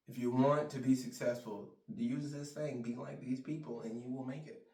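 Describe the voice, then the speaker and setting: A man's voice: mid-range voice, fairly even intonation, moderate pace, mellow. A man ranting in a heated, profane, rambling monologue, recorded in a roomy space from a distance. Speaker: vlogger. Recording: roomy sound, mic far off.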